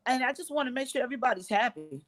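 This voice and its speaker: A woman's voice: fairly high pitch, expressive, rapid-fire, a crowd in the background. A woman in her fifties, a guest on a live-stream interview, talking in an effusive, emotional way and repeating phrases for emphasis. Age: 50s. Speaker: guest business owner.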